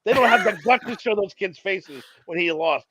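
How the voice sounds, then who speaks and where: A man's voice: sits high, moderate pace, sharp tone. A man co-hosting a sports podcast, from Queens, talking bluntly and swearing freely in casual chat. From Queens, New York. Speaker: podcast co-host. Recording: dull dry lo-fi mic.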